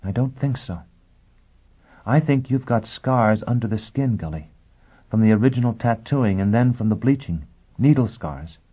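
A male reader voicing a tense, scornful young woman who speaks quietly and cuttingly in an audiobook. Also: medium pitch, animated, moderate pace, slightly rough, voice pushed up. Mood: cold, quiet. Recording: tinny phone-like sound.

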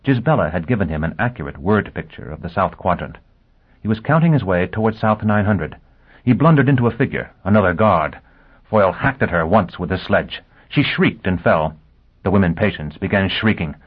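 A male narrator reads the story in a low, husky voice with a steady, measured delivery. The recording is thin and tinny, much like a phone line. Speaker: audiobook narrator. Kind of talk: scripted narration.

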